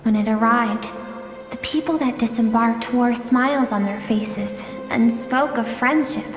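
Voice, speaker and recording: A woman voicing a gentle female storyteller who recounts memories in slow, measured, wistful narration for a game cutscene. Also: on the high side, natural voice. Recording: echoey hall sound over game music. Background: music.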